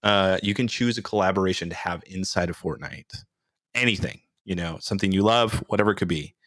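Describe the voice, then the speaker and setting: A man's voice: deep voice, fairly quick, a bit bright, no echo, studio quality. A man hosting a gaming podcast, asking questions in a playful, joking way. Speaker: podcast host. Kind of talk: casual podcast interview.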